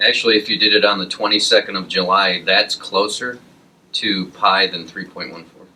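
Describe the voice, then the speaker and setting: A man's voice: low voice, steady tone, moderate pace, bright, forceful tone, poor audio. A man co-hosting a casual podcast, riffing on goofy tangents and pop-culture references. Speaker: podcast co-host. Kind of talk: casual chat.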